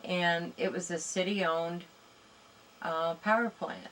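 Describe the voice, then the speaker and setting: A woman guest on an interview show with a notably low-pitched voice. She speaks thoughtfully and a little haltingly, often pausing to find the right words. A faint hiss of noise sits beneath her. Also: steady tone, fairly bright tone, low-quality recording. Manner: thoughtful, hesitant, searching for words. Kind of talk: casual conversational interview.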